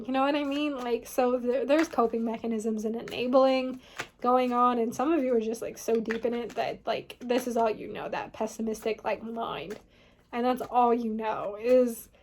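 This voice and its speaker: A woman's voice: fairly high pitch, a little hiss or hum. A woman giving a casual tarot reading, rambling and filling her talk with "like" and "you know what I mean". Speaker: tarot reader.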